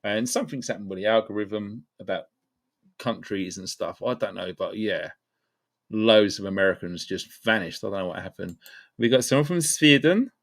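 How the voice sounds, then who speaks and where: A man's voice: fairly low pitch, lively intonation, normal speed, a bit bright. A man hosting a live stream, chatting casually and greeting viewers one by one by name and place. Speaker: livestream host.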